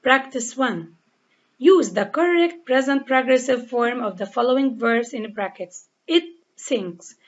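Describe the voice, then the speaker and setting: Lebanese woman teacher, deliberate and slow, spells words out letter by letter, muffled lo-fi sound. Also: on the high side, lively intonation. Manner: spells out letters and repeats each rule step by step. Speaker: English teacher. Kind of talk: slow, deliberate grammar lesson. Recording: dull lo-fi recording.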